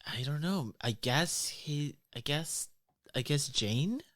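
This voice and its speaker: Insecure young female contestant, whiny and needy, lively pitch, played by the game master. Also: slow pace, dry recording, clean studio sound. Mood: anxious, eager.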